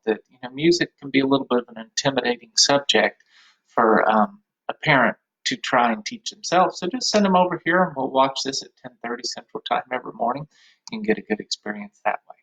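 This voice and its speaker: A man's voice: mid-range voice, vocal fry. Encouraging male music teacher. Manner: gentle, encouraging, sings simple songs with kids. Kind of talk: online music lesson for young children. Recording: roomy, slightly dull home video audio.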